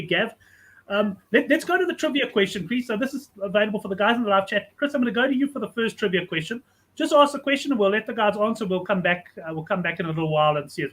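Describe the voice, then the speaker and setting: A man hosting a betting panel show, briskly asking panelists for their views. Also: high voice, fairly bright tone. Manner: brisk, steers the talk. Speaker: host.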